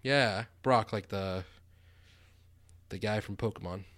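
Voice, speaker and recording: A man's voice: lowish voice, slow pace, a bit bright, no echo. Teasing, laughing podcast co-host man. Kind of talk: casual chat.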